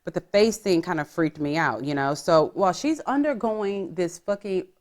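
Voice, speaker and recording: A woman's voice: fairly low pitch, expressive, normal speed. A woman podcast host, recapping a reality show in casual, profane, gossipy chat. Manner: profane, gossipy storytelling that acts out quotes.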